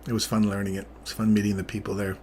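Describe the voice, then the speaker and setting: A lower-pitched, middle-aged man talks through live charts in a loose, chatty way, often drifting off topic. A faint hiss of background noise sits under his voice. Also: monotone, very fast, darkish tone. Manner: casual, rambling, easily sidetracked. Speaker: trading channel host. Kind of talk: live trading commentary.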